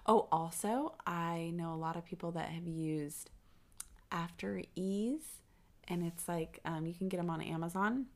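A woman co-hosting a candid chat, explaining things in a relaxed way with fillers. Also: on the low side, unhurried. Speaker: podcast co-host.

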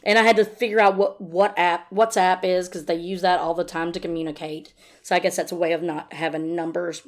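A woman's voice: on the low side, little pitch movement, brisk. A woman podcast host giving a casual recap, sarcastic and profane.

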